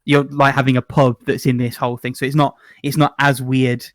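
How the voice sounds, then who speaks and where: A man's voice: mid-range voice, flat delivery, fairly quick, a bit bright, no echo. British man, podcast co-host; musing, rambling, dry close mic. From Britain. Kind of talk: casual chat.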